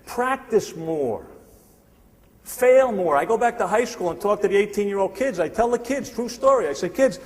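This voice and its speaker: A man's voice: high voice, expressive, normal speed, darkish tone. A man in his sixties giving a live sales seminar in a punchy, repetitive style, teasing the audience. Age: 60s. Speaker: sales trainer and motivational speaker. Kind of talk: live motivational seminar talk. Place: large hall with a live audience. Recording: long hall reverb.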